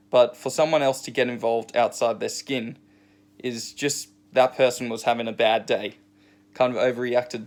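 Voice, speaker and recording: Rambling surf vlogger. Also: male voice, mid-range voice. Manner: rambling, many fillers. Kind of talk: casual storytelling rant.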